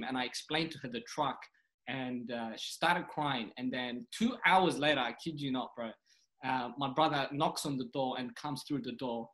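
A young man from Sudan, a comedian guest on a podcast, telling a personal story in an earnest, animated way, often saying "you know" and "man". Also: medium pitch, normal speed, poor audio. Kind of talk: casual storytelling interview.

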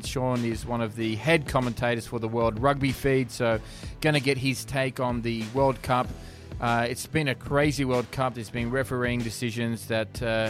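A man's voice: mid-range voice, a bit bright. A man hosting a casual sports podcast, chatty, laughing easily and often restarting his sentences. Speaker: podcast host.

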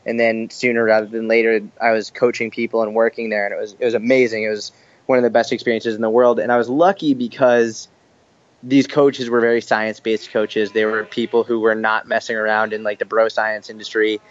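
Guy being interviewed, energetic, says like a lot, kinda dull dry sound. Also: on the low side, brisk, dry recording. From Boston, USA. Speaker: fitness coach, guest. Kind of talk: casual interview chat.

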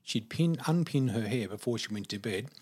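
An Australian man in his fifties telling vivid personal stories of his childhood as a podcast guest, in an unhurried way. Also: medium pitch, animated, a little mellow, husky. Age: 50s. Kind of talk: personal storytelling.

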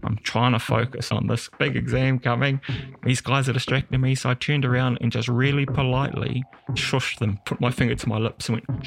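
A man's voice: mid-range voice, moderate pace, gravelly, faint music behind. A man from New Zealand with a New Zealand accent, telling his personal story as a podcast guest and acting out the people he quotes. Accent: New Zealand English. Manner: lively storyteller acting out quoted dialogue, laughing often.

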